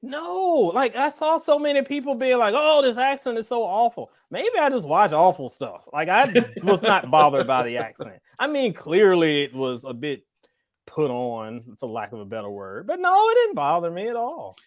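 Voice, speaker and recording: A man co-hosts a casual chat in a slightly raised voice. He banters in a relaxed, opinionated way. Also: high-pitched, normal speed.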